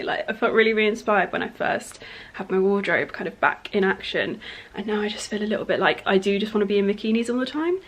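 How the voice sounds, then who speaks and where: A young woman chatting casually in a home vlog, bubbly and often dropping into a soft half-whisper. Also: mid-range voice, a little fast, slight background noise. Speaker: vlogger.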